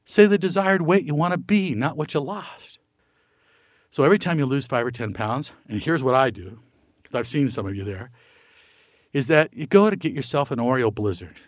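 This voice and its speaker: A man's voice: mid-range voice, lively intonation, normal speed, no echo, studio quality. A middle-aged man giving a motivational talk, folksy and full of rhetorical questions, acting out the voices in his stories. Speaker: motivational speaker.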